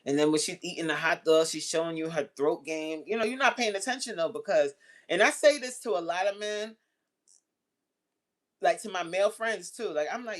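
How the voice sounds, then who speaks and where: A woman's voice: on the low side, normal speed. A woman hosting a casual livestream chat, answering messages bluntly and profanely, laughing often and acting out the voices in her stories. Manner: acts out quoted voices while telling stories.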